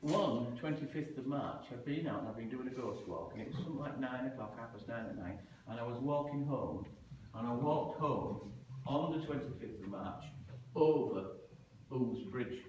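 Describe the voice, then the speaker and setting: A man telling a story live, dramatic and animated, acting out the voices he quotes. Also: mid-range voice, normal speed, hardly any pauses, a little hiss or hum. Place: large museum hall. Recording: echoey hall, heard from a distance.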